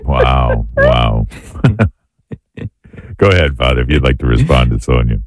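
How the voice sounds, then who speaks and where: Male radio host, extremely deep, dry studio sound, short affirmations. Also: takes it slowly, dry recording. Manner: brief affirmations, smooth hand-offs. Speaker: radio talk show host. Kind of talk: radio call-in hosting.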